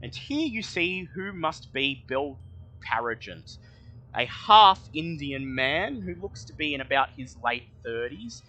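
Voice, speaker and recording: Slow, bright-voiced man narrating a game. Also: mid-range voice, sing-song, rough recording. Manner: slow, descriptive scene narration. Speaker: game master.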